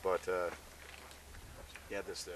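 A man's voice: deep voice, level tone, a little slow. Rambling, profane man bantering onstage. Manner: rambling, profane, laid-back. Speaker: band frontman. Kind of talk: stage banter between songs at a live gig. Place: outdoor festival campsite. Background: live band music.

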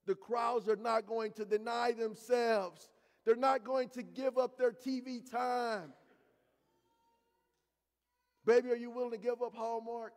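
A man preaching a sermon as pastor, emphatic and slow in places, repeating phrases and calling out to the congregation. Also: very high voice, fairly even intonation, darkish tone, long reverb tail. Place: church sanctuary.

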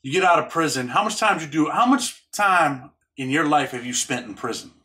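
Casual male interview host, bright voice. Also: on the high side, expressive, brisk. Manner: casual, brotherly questions.

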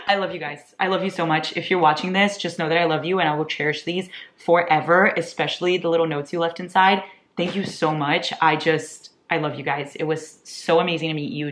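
A young woman in her twenties chatting casually as a vlogger, gushing and excitable, laughing often. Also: on the low side, a little fast, echoey room. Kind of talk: casual chat.

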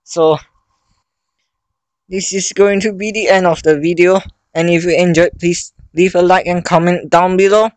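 A male gaming host playing a horror game, panicking, yelping and pleading over and over, with high frightened cries. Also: steady tone, moderate pace, dry recording, poor audio. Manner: panicky, yelps and pleads repeatedly. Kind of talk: horror game let's play.

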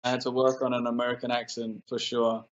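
A British man in a casual promotional interview, relaxed and quick to joke. His voice sits at an ordinary middle pitch, and his laughter comes easily between answers. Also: lo-fi sound. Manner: laid-back, joking, laughs easily. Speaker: actor being interviewed.

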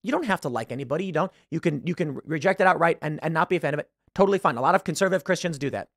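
A man's voice: on the high side, racing, no room sound, clean studio sound. A male show host giving emphatic, agitated political commentary.

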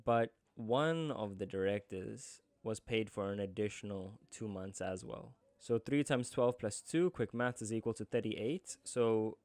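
A man's voice: fairly low pitch, unhurried, few pauses, darkish tone, dry recording. A man teaching accounting in a tutorial, chatty, with joking asides. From South Africa. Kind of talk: screen-recorded tutorial.

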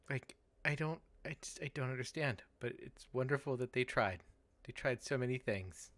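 A woman's voice: a bass voice, fairly bright tone, no room sound. A woman hosting a let's play, commenting casually with incredulous, laughing asides.

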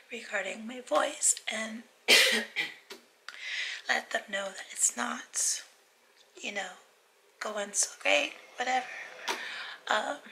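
A woman in her forties vlogging from her home workspace in casual chat, her weak, breathy voice slipping between soft speech and whisper. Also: a little high, slight background noise, poor audio.

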